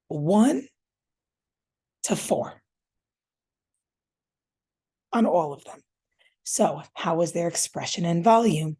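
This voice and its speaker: A woman teacher walks viewers through scoring a reading fluency test, thinking aloud as she works on screen. Her voice is on the low side, warm and animated with a breathy edge, and she speaks slowly, pausing often. She keeps things casual and chatty, calling her viewers "you guys."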